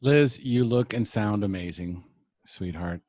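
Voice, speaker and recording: A man's voice: on the low side, measured pace, darkish tone, no room sound. A man hosting a recovery podcast, talking earnestly and reflectively in long thoughtful stretches. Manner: earnest, reflective, speaks in mini-lectures. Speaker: podcast host.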